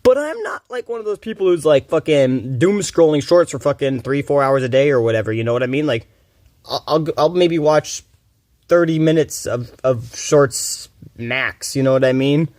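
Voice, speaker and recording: A man streaming a game, talking fast and rambling with a lot of swearing, a bit groggy from little sleep. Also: medium pitch, darkish tone, dry recording. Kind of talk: casual rambling commentary.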